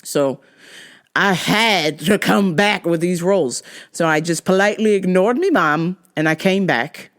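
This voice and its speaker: A woman's voice: on the low side, unhurried. A woman hosting a podcast, telling a story in a blunt, profane, exasperated rant. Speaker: podcast host.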